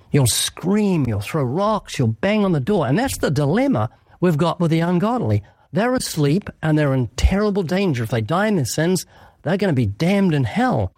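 A man preaches in an interview in an earnest, emphatic voice that sits a little high. He acts out quick exchanges to make his point. The recording is dry and close. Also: darkish tone, dry recording. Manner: earnest, emphatic, sermon-like with acted dialogue. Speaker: evangelist guest.

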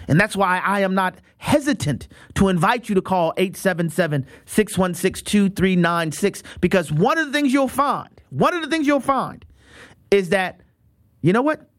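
High-pitched guy preaching hard, keeps restarting words, dry close sound. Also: no room sound. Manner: emphatic preaching with repeated restarts. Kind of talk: radio sermon with fundraising appeal.

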